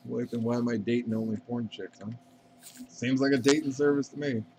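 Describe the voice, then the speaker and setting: A man's voice: medium pitch, fairly even intonation, fairly quick, background noise. A man chatting casually and rambling while playing a game on a live stream, swearing freely and answering viewer questions.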